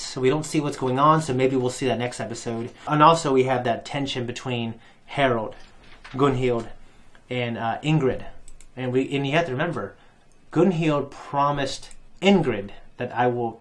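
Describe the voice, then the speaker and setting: A medium-pitched man hosting a reaction video gives a casual, rambling recap of a TV episode, pausing often and restarting his sentences.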